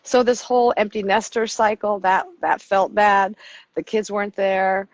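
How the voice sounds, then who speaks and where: A woman in her fifties, a guest on an interview podcast, telling stories in a lively way and acting out quoted dialogue. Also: mid-range voice, moderate pace, no echo, poor audio. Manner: lively storyteller who acts out quoted dialogue. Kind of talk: conversational interview storytelling.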